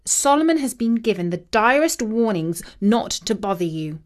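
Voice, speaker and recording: A woman voicing a kind young girl who speaks in an earnest, gentle way. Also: a little high, big pitch swings, normal speed. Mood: tender.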